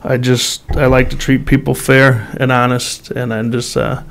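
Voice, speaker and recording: Plain-talking guy running for sheriff, smooth but flat voice, humble. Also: medium pitch, measured pace. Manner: down-to-earth, humble. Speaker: sheriff candidate. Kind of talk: plain-spoken closing statement. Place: public meeting hall.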